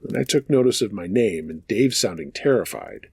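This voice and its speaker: A man with a lowish, gravelly voice and a husky edge narrates true scary camping stories. His delivery is casual and laced with profanity, and his pitch swings widely as the tension builds. The recording is dry and close, with no room sound. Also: expressive, normal speed, a little mellow, no echo. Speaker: host reading listener stories.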